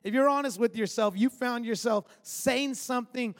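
High-voiced man preaching in a hall. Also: normal speed. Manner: storytelling, conversational, emphatic asides. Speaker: pastor. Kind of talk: sermon. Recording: long reverb of a large hall.

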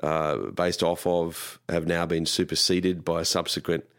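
A man's voice: deep voice, little pitch movement, unhurried, fairly bright tone, clear, resonant tone. An Australian man, a pastor, chatting as a guest in a rambling, self-deprecating way. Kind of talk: casual conversation.

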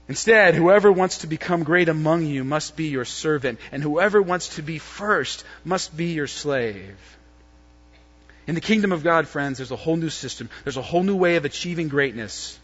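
Male pastor with a high voice and a dramatic sermon delivery that swings from loud to hushed, recorded lo-fi in a long-reverb church hall. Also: animated, moderate pace, breathy edge.

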